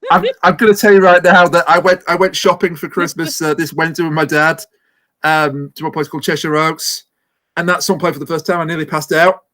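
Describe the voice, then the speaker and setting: A man with a notably high voice hosts a casual podcast chat. He rambles, trips over his own words and slips in dry jokes. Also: fairly even intonation, brisk, sharp tone. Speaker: podcast host.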